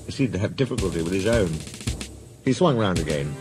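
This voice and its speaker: A man narrating a children's storybook in an expressive way, over background music. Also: low-pitched, a little fast. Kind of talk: storybook reading.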